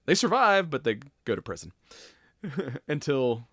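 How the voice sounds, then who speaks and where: A man co-hosting a casual podcast. His pitch swings widely as he rambles through movie plots, cursing and laughing. The sound is dry and close. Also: big pitch swings, unhurried, a bit bright, no room sound. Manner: rambling, profane, laughing retellings of movie scenes. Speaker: podcast co-host. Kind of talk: casual chat.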